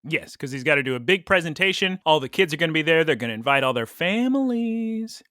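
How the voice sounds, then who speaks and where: Lively excitable man on a podcast. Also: fairly high pitch, fast, dry recording, studio quality. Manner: playful, excitable, teasing. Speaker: podcast co-host. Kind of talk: casual chat.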